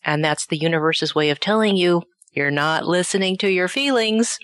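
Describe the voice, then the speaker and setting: A woman's voice: lowish voice, animated, normal speed, a bit bright, no room sound, clean studio sound. A woman hosting a talk show who chats in a personal, conversational way. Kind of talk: casual talk show chat.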